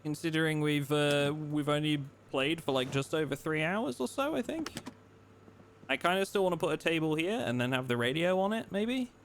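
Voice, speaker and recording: A man streaming a game live, chatting casually in a relaxed, rambling way and teasing his chat. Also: a little high, normal speed, a little hiss or hum.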